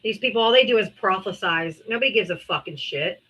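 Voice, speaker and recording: A woman's voice: medium pitch, expressive, brisk, bright, forceful tone, dull audio. A woman hosting a live political debate stream, talking in a brash, mocking, profane way.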